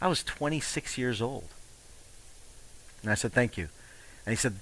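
A man's voice: mid-range voice, moderate pace, long pauses, poor audio. A middle-aged man in a motivational talk, telling a personal story and acting out the people in it. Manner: animated, acts out quoted voices. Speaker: coach.

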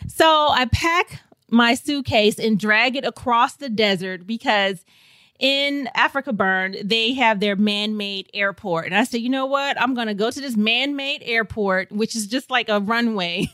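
A woman from St. Louis, Missouri, telling a travel story as a podcast guest in a lively, laughing way. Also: a little high, measured pace, no room sound. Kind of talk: casual storytelling.

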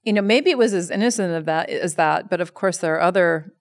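A woman guest on an interview, an educator who tells stories in a lively, animated way with many fillers. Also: lowish voice, a little fast. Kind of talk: conversational interview.

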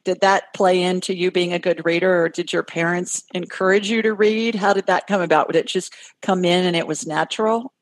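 A middle-aged woman hosting an interview, asking questions and telling anecdotes in an animated way. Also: on the low side, brisk, no room sound. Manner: animated storyteller, acts out quoted voices. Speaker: podcast host. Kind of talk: casual interview conversation.

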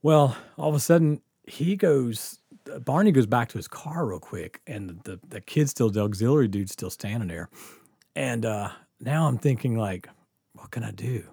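A man telling a rowdy story with lots of swearing and bursts of laughter. His pitch swings widely as he acts out the people in it. His voice sits in a middle register, and the recording is close and dry. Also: normal speed, husky, no room sound. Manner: profane, animated storytelling with frequent laughter. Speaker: storyteller guest. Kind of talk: casual chat.

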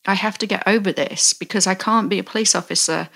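A woman in her forties hosting a podcast, telling a story in a candid, halting way and often restarting her sentences. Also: mid-range voice, gravelly, fairly bright tone. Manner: candid, halting, self-correcting. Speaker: podcast host. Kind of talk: storytelling in casual chat.

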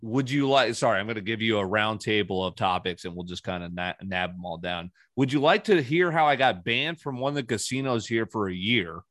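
Low-voiced podcast host, dry and close. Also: male voice, expressive, a little fast, few pauses, a bit bright, no room sound. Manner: rambling, profane storytelling. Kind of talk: casual chat.

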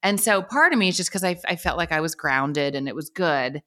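Low-pitched bright-toned woman reflecting candidly. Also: lively intonation, fairly quick. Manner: candid and reflective, with frequent fillers. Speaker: guest. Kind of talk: casual conversation.

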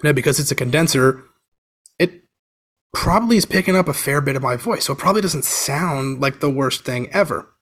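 A man talking casually over a video call, explaining audio gear as a podcast guest, with a relaxed, filler-heavy manner. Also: mid-range voice, a little fast. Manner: relaxed, chatty, lots of fillers like "you know" and "um". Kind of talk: casual explanatory chat, demonstrating microphones. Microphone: switching between webcam mic and USB condenser over a video call.

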